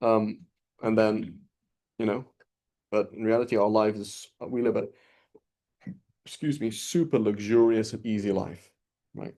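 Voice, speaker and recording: A man's voice: on the low side, fairly even intonation, moderate pace, long pauses, warm tone. A middle-aged man giving an informal lecture as an Islamic studies teacher, talking casually with many fillers and restarts.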